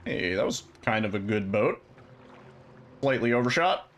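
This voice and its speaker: A man's voice: lowish voice, unhurried, slight background noise. Laid-back young man chatting on stream. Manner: relaxed, chatty, rambling with restarts and swearing. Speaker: video game speedrunner streaming live. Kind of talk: casual live-stream chat with viewers.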